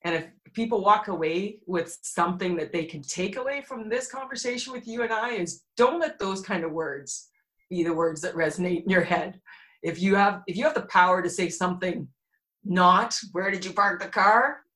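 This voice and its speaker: A woman in her forties with a bright, forceful tone, telling a personal story on a podcast. She speaks candidly and with animation, and breaks into laughter between the heavy parts. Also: on the low side, moderate pace, poor audio. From Alberta, Canada. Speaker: podcast guest.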